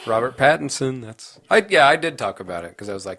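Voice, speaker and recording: A man's voice: medium pitch, lively intonation, fast talker, fairly bright tone. A young man co-hosting a podcast in casual chat, laid-back, laughing often and trailing off mid-thought. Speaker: podcast co-host.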